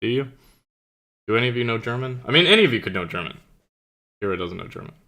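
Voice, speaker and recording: Bright-voiced young man rambling casually. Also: mid-range voice, sing-song, quick pace. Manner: rambling, filler-heavy, swears casually. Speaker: streamer. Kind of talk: casual chat with live chat. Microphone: own streaming mic.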